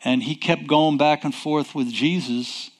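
A man preaching a sermon, emphatic and deliberate, posing rhetorical questions and answering them himself. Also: a little high, steady tone.

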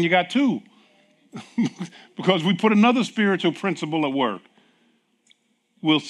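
Animated male preacher, higher voice. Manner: animated storytelling with acted dialogue, laughing often. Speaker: pastor. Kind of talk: sermon.

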